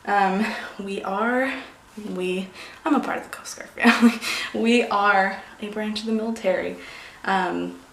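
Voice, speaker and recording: A woman's voice: medium pitch, fairly even intonation, a little slow. Rambling young woman vlogging in an echoey room. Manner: rambling, scattered, emotional. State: pregnant. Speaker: beauty vlogger. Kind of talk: casual vlog chat. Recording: echoey room, faint noise.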